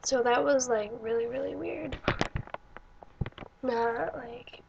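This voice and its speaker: Young woman, slightly high voice, rambling chatty vlogger, muffled lo-fi sound. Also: slow pace, vocal fry, background noise. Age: young adult. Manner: chatty, rambling, many fillers and restarts. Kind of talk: casual storytelling vlog.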